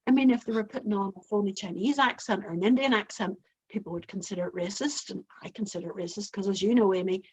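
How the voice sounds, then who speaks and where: A woman's voice: medium pitch, fast talker, breathy edge, low-quality recording. An older woman from Northern Ireland with a Northern Irish accent, talking forthrightly as a storyteller being interviewed. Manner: emphatic, forthright. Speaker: storyteller guest. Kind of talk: conversational interview.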